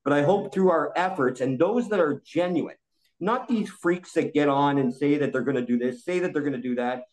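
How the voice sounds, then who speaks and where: A man's voice: fairly high pitch, moderate pace, darkish tone, low-quality recording. Angry, cursing man in his forties. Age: 40s. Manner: angry, profane ranting. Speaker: roundtable guest. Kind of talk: heated podcast discussion.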